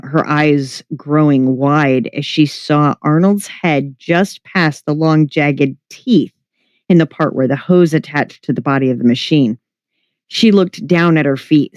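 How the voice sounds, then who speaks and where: Fiction narrator, even delivery, mid pitch, dry muffled recording. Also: no echo. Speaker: story reader. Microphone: home mic, livestream.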